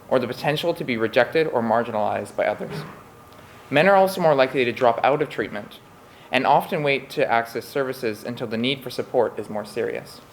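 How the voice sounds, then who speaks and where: A male student reads a prepared talk at a school assembly at a steady pace. His voice sits at a middle pitch. A faint ambience lies behind him. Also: a little hiss or hum, low-quality recording. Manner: steady, reads research findings. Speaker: student presenter.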